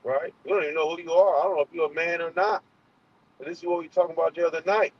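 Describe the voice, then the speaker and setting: A man's voice: fairly high pitch, steady tone, rapid-fire, no room sound. A man hosting a casual livestream, heated and profane, often restarting his sentences. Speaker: channel host. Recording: muffled lo-fi sound.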